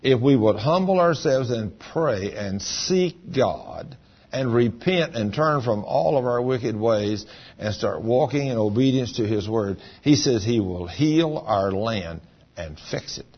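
A man preaching a sermon as a pastor, his voice swinging between loud, high bursts and low, quiet stretches. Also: lively intonation, unhurried, breathy edge, lo-fi sound. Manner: preaching with big swings in pitch and volume.

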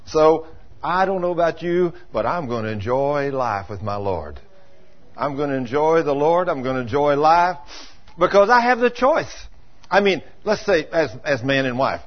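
Folksy preacher, lively voice. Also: male voice, fairly high pitch, dull audio. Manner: folksy, conversational, acts out little scenes. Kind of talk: folksy sermon.

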